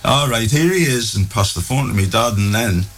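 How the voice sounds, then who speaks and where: A middle-aged man with a North East England accent, a guest telling lively anecdotes in an interview. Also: medium pitch, fairly quick, a little hiss or hum. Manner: lively storyteller, animated quoted dialogue. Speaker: guest, former footballer.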